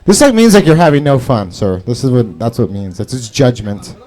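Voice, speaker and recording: Male stand-up comic, lively swooping pitch, profane rambling crowd work, small garage set. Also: brisk. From Salvadoran and Brazilian heritage. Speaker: stand-up comedian. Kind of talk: stand-up set at an open mic.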